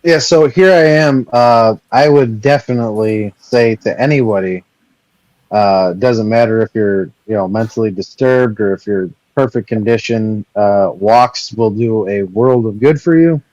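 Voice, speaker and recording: A man's voice: lowish voice, unhurried, darkish tone, no room sound, muffled recording. A man talking casually and sincerely in a group chat, easygoing and direct. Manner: laid-back, sincere, calls others bro. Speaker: panel participant.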